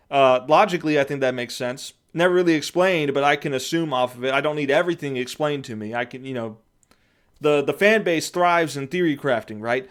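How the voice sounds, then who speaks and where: Man, higher voice, smooth, casual rambling review, chuckles between thoughts. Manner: rambling, thinks aloud with many fillers and restarts; chuckles often while talking. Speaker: comic book reviewer.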